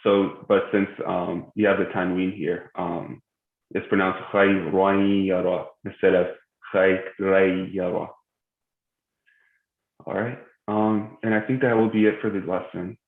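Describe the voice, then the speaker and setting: A man teaching a tajweed class online, patiently walking students through pronunciations with frequent pauses. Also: sits low, steady tone. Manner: patient, many "um" pauses, spells out pronunciations slowly. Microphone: video call. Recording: tinny phone-like call audio in an echoey room.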